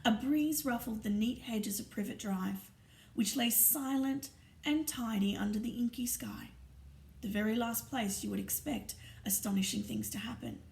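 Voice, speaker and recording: A woman reading a storybook aloud in an expressive, often hushed narrating voice. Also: a little high, normal speed, creaky. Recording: roomy echo, distant mic, faint ambience.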